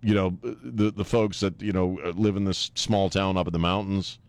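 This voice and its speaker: A man's voice: low-pitched, fairly even intonation, normal speed, no room sound. A middle-aged man hosting a talk radio show, rambling and joking in casual banter. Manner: rambling, joking, laughs often.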